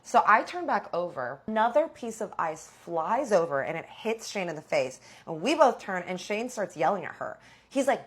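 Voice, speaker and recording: A woman's voice: medium pitch, very animated, moderate pace, slightly rough. A young adult woman telling a dramatic personal story in a casual vlog, swearing freely. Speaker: storyteller vlogger.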